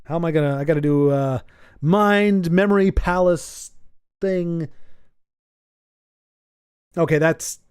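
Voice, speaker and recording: Man, streamer, casual livestream chat, rambling, teasing, somewhat high pitch. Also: slow, long pauses, darkish tone, clear, resonant tone.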